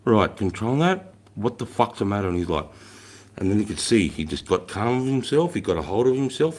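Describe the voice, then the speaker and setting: Blunt, very deep-voiced Australian man. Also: slightly rough. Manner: profane, blunt, acts out shouted orders. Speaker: livestream host, ex-army instructor. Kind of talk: casual livestream storytelling.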